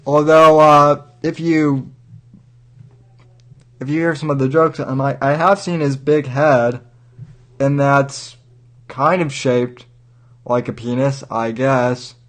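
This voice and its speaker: A man hosting a livestream, giving rambling, wry commentary and halting with many restarts. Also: medium pitch, steady tone. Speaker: livestream host.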